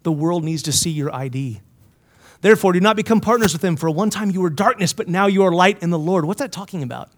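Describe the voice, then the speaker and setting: A high-pitched male preacher delivers a sermon at a Bible college chapel, talking fast. He repeatedly poses questions to his listeners, swinging between forceful emphasis and quiet, hushed lines.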